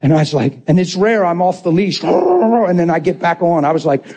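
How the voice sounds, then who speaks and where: A man preaching a lively testimony, acting out the voices in his story and laughing often. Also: high-pitched, moderate pace, husky. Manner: animated, acts out quotes, laughs often. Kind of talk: sermon storytelling.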